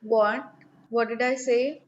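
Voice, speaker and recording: A woman's voice: a little high, fairly even intonation, slow, muffled recording. A woman teaching French in English with an Indian English accent, explaining patiently step by step in an online lesson.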